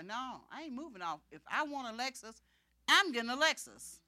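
A woman preaching a personal testimony in a bright, forceful voice, a little higher than most. She tells it as animated storytelling and acts out each exchange. The sound is close and dry. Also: normal speed, no echo. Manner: animated storytelling, acting out dialogue. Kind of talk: sermon testimony.

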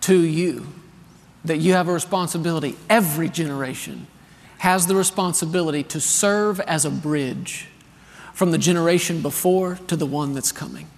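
Man, 30s, pastor, sermon, earnest storytelling, fairly high voice, reverberant hall. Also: moderate pace, vocal fry. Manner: storytelling, animated and earnest, calls for responses. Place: large church hall.

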